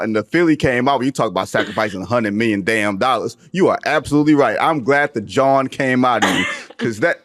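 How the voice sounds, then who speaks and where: A man hosting a sports podcast, talking in a casual, animated and joking way with lots of slang. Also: medium pitch, fast talker, no echo, clean studio sound. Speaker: podcast host, NBA reporter.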